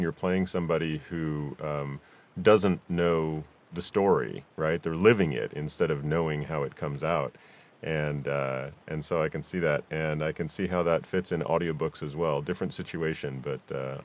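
A man hosting a podcast interview, easygoing and affirming, with lots of fillers. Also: very deep voice. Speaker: podcast host. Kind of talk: casual interview chat.

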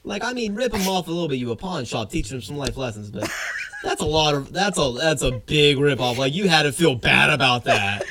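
A man's voice: a little high, expressive, fairly quick, sharp tone. A man co-hosting a casual podcast with a blunt, wry manner, swearing casually as he chats. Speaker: podcast co-host. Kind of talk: casual chat.

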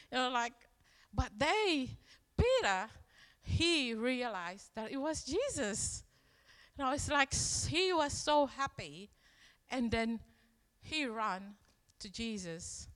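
A woman delivers a sermon at an unhurried pace, telling the story like a conversation and slipping into the voices of the people she quotes. Her voice sits a little high, and it rings out with a long reverb from the hall around her. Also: sing-song, fairly bright tone. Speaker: preacher.

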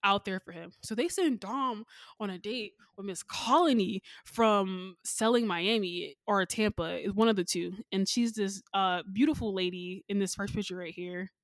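A young woman hosting a casual recap chat, telling the story with lively acted-out lines. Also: normal speed, dry recording, clean studio sound. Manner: animated storytelling, acts out people's lines with pitch jumps. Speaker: podcast host recapping a show.

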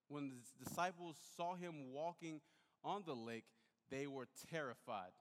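Man, young adult, youth preacher, animated storyteller, long reverb. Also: on the high side. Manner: animated storyteller, acts out voices and shouts. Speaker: youth pastor. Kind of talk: sermon with personal story.

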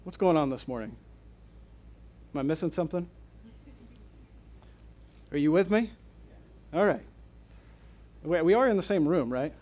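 A pastor preaching an expository sermon in church, asking his congregation rhetorical questions in an animated, conversational way. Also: a little high, unhurried, pauses often.

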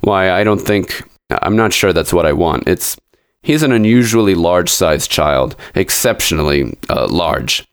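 A panicked, nervous father, stumbling over his words and pleading, lifted above the narrator's own low voice, as a man reads him. He sounds harried and anxious, in a storybook reading. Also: lively intonation, unhurried, clean tone, no room sound, studio quality. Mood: flustered. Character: flustered, desperate new father, male, adult.

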